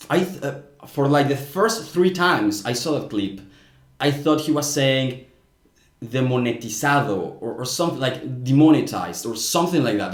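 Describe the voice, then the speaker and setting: Frank man commenting, roomy echo. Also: medium pitch. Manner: thinking aloud, frank and critical. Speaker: language commentator. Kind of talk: casual video commentary on clips.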